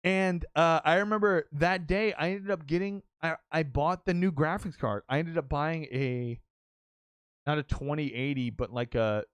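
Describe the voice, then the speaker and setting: A young adult man hosting a podcast, telling an excitable, swear-heavy story in casual chat with many restarts. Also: fairly high pitch, normal speed, clean tone, no room sound. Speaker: podcast host and streamer.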